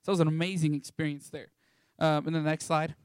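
A man's voice: a little high, fairly even intonation, quick pace, smooth, no echo, clean studio sound. A young man of about eighteen from Texas, giving a casual, rambling testimony talk about a mission trip, with lots of fillers. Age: young adult, about 18.

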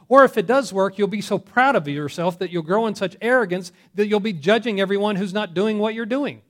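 A man's voice: high voice, moderate pace, hardly any pauses, a bit bright. A man preaching a conversational sermon, often correcting himself and putting questions to the congregation. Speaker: pastor.

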